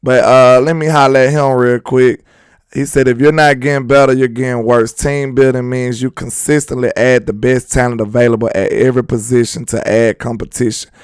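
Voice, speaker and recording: A young man hosting a sports talk show, talking fast and slangy while firing up fellow fans with confidence. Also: mid-range voice, little pitch movement, clean tone, no echo. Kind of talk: fired-up sports fan talk.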